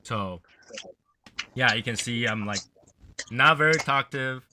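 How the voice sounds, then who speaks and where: A man's voice: medium pitch, a little slow, noisy background. A man hosting a casual livestream chat, rambling in a gloomy, offhand way and swearing now and then. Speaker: livestream host.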